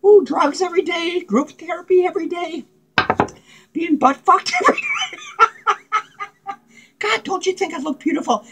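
A man's voice: very high-pitched, huge pitch swings, moderate pace, long pauses, a bit bright, exaggerated voice, poor audio. A man playing a manic, unhinged male clown who rambles giddily and crudely in a comedic character vlog, cackling and swearing. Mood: giddy. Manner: cackling, profane, giddy rambling.

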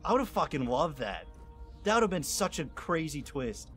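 A man's voice: fairly high pitch, sing-song, moderate pace, a bit bright, soft background music. A man streaming a game, talking casually with sarcastic remarks, laughter and swearing.

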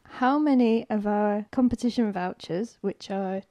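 A woman's voice: medium pitch, unhurried, no echo, lo-fi sound. A British woman on a podcast panel, reading out quiz answers with the odd giggle. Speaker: podcast co-host, producer. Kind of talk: casual panel chat.

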